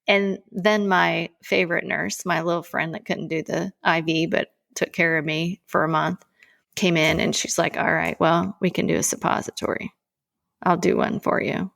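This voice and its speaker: A woman in her forties tells a personal story on her podcast, with lively emphasis and frank asides. Her voice sits low and carries a rough, gravelly edge. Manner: emphatic, animated retelling. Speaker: podcast co-host.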